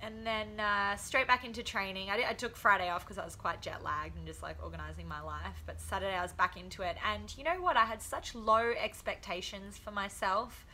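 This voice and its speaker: Young woman, casual vlog storytelling, crisp bright tone, faint hiss behind. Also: mid-range voice, fairly quick, few pauses. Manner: chatty, laughs often, acts out quotes. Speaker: vlogger, professional boxer.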